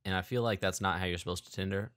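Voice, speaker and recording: A man's voice: sits low, fairly even intonation, racing, a bit bright. A man hosting a podcast, chatting casually, laughing and plugging the show. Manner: laid-back, laughing, plugs the show. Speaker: podcast host.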